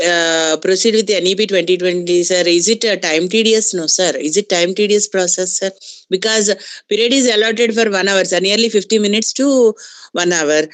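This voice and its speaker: A woman teacher asking a symposium speaker a question, hesitant and halting, saying "sir" again and again. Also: medium pitch.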